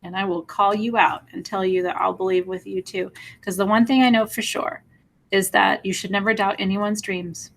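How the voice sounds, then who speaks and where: A woman's voice: mid-range voice, little pitch movement, moderate pace, creaky, slight background noise. Tender woman hosting a spiritual live stream. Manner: emotional, tender, reassuring, names viewers directly. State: teary at moments. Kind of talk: live-stream chat reading viewer comments.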